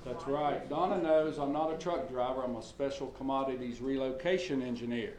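A man's voice: medium pitch, fairly even intonation, brisk, darkish tone. A middle-aged man preaching a sermon in a folksy storytelling way, with lots of fillers and restarts, in a church hall. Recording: echoey church hall with faint ambience.

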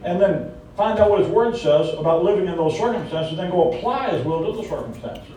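Folksy Southern preacher in a booming hall. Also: male voice, expressive, fairly quick, mellow. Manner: folksy, emphatic, joking asides. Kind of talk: conversational sermon. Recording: echoey hall from far off with faint rumble.

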